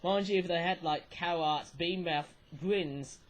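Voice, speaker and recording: Talking into a webcam at home, a British man reviews toys in a chatty, meandering style full of fillers and tag questions, despite a cold and sore throat. He speaks unhurriedly in a slightly high voice, and the rough recording has a bit of hiss or hum.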